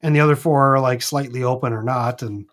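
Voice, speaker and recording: A man with a Minnesota accent chatting casually as co-host of a live stream, rambling and animated. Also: mid-range voice, fairly quick. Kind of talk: casual chat. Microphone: streaming mic.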